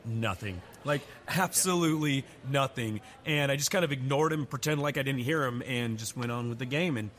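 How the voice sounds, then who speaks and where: A man's voice: medium pitch, normal speed, few pauses, a bit bright. Candid man telling a personal story. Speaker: pastor. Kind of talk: personal story in a church message.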